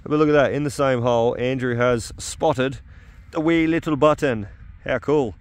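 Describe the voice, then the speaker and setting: A man's voice: mid-range voice, moderate pace, no room sound. A middle-aged Australian man with an upbeat, chatty manner and lots of 'uh' fillers, talking outdoors at an old house site as a metal detecting vlogger. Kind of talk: casual outdoor commentary.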